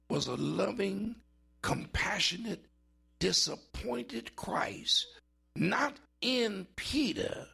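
A man preaching a sermon in a dramatic style, with big swings in pitch and drawn-out words for emphasis. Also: creaky, bright, forceful tone, breathy edge.

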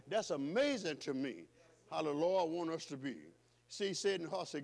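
A male pastor preaching a sermon with rhythmic, repetitive phrasing, swinging between loud calls and hushed passages. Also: high voice, big pitch swings, moderate pace, creaky. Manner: repetitive, call-and-response phrasing.

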